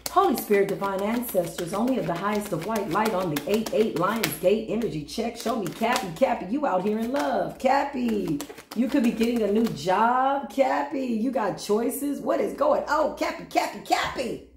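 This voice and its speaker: A woman's voice: on the high side, expressive, moderate pace, roomy sound, slight background noise. A woman giving a channeled tarot reading to her viewers, with a playful, teasing manner and sing-song greetings. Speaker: tarot reader.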